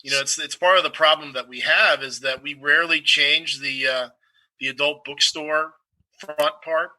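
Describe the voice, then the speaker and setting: A man improvising a self-serious, threatening ninja-obsessed shop owner who speaks haltingly. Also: a little high, fairly even intonation, bright, forceful tone, rough recording. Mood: rambling. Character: pompous ninja-obsessed bookstore owner, intense. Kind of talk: improvised comedy.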